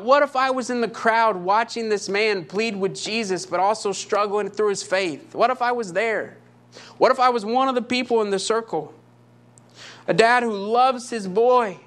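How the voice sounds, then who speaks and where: An impassioned male pastor delivering a sermon. His voice sits high for a man, and he builds through repeated phrases and rhetorical questions. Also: a bit bright.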